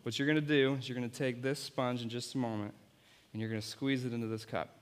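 A man's voice: mid-range voice, steady tone, quick pace, clean tone. A man, apparently a youth pastor, giving an object-lesson sermon and playfully coaching volunteers on stage. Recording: long hall reverb.

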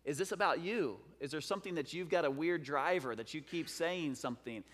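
A man's voice: fairly high pitch, brisk, fairly bright tone. A man preaching a sermon in a conversational, storytelling way. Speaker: pastor. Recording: long hall reverb.

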